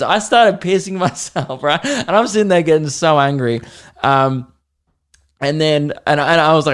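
An Australian man, a comedian hosting his own podcast, telling a story in an animated, profane, mocking rant. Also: a little high, moderate pace, clear, resonant tone.

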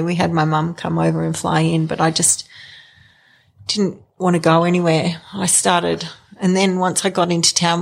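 Gravelly woman, hesitant. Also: lowish voice. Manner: hesitant, frequent fillers and restarts. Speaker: interviewee. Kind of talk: candid personal storytelling.

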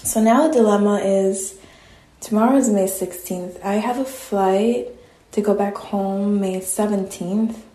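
A woman's voice: medium pitch, fairly even intonation, measured pace, warm tone. A young woman, a college student, recording a candid, conversational personal audio diary that turns openly emotional. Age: young adult. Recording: roomy echo.

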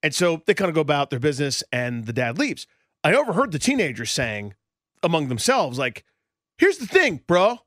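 Animated fast-talking radio co-host. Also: male voice, a little high, no room sound, studio quality. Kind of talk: sports radio chat, storytelling.

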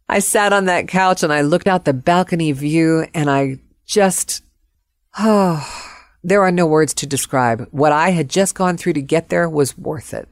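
A woman with a lowish voice tells a personal story, vivid and expressive. The sound is dry and close, with no room echo at all. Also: a little slow. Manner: vivid, expressive, acts out quotes.

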